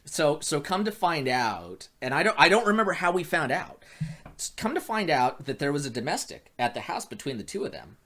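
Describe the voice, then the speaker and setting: Animated man telling a story. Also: on the high side, a little fast. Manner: animated, acts out quoted dialogue with many restarts. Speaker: private investigator. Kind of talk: casual storytelling chat.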